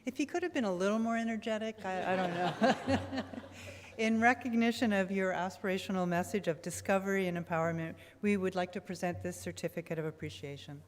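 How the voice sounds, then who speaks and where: A woman's voice: mid-range voice, a little fast. A woman hosting a graduation ceremony, cheerful and joking as she thanks the speaker. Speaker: ceremony host. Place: large convocation hall. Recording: long hall reverb, faint noise.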